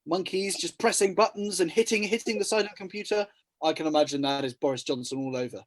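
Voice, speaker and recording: A man, a podcast guest, telling jokes in an animated way. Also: high-pitched, quick pace, a little hiss or hum. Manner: animated storytelling with playful bursts. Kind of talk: casual comedy chat.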